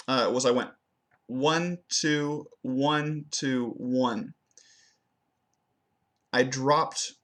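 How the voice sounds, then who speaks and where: A young man giving a spoken review of his own pronunciation, hesitant and full of fillers, slowing down to demonstrate words. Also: mid-range voice, fairly bright tone. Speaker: language student. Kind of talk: spoken self-assessment of pronunciation.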